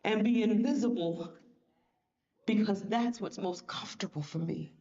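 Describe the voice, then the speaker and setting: A woman's voice: mid-range voice, moderate pace, mellow, lightly acted. Woman doing a sad self-doubting gal giving up, defeated, fading out, dull lo-fi sound. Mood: discouraged. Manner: defeated, trailing off into a whisper.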